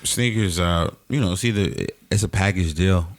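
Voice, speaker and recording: A young man from Brooklyn, a comedian chatting on a podcast in a laid-back, halting way with casual swearing. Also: low-pitched. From Brooklyn, New York City. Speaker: stand-up comedian, co-host.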